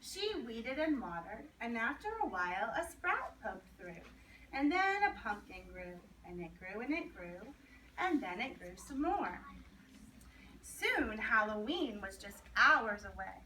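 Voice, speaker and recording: Slow, high-voiced woman reading a picture book. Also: sing-song, bright, forceful tone. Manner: rhythmic, singsong repetition. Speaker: storyteller reading to children. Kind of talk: picture-book read-aloud. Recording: echoey room, distant mic, background noise.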